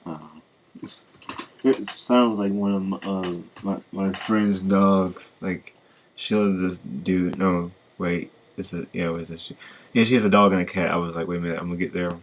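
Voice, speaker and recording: A man hosting a podcast, chatting in a relaxed, hesitant way. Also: low voice, moderate pace. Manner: relaxed, hesitant, many fillers and restarts. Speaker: podcast host. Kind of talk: casual chat.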